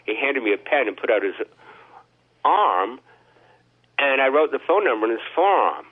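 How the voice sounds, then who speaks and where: A man telling a long rambling story in a casual chat, halting with many restarts and fillers. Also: mid-range voice, very animated, slightly rough. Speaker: podcast host. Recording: tinny phone line.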